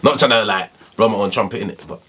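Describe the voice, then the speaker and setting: A man's voice: fairly low pitch, fast, fairly bright tone, slight background noise. A young man in his twenties with a London accent, telling his story in a casual, slangy, rambling way with constant tag questions. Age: 20s. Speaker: YouTuber.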